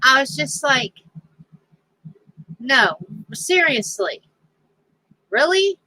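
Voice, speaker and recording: A woman's voice: high voice, big pitch swings, very slow, bright, forceful tone, dry recording, rough recording. A woman telling a casual story on her crafting channel, chatty and laughing often as she quotes others.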